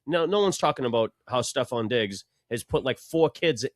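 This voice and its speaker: A man's voice: medium pitch, animated, normal speed, dry recording, studio quality. A man co-hosting a casual sports podcast, talking with profanity and a sarcastic edge, often mocking people in put-on quotes. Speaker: podcast co-host.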